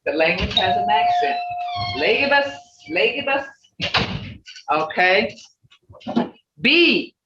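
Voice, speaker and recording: A language teacher giving a slow, repetitive pronunciation lesson over a video call, often checking in with "okay?". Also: medium pitch, sing-song, bright, forceful tone, soft background music. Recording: roomy, muffled video-call audio.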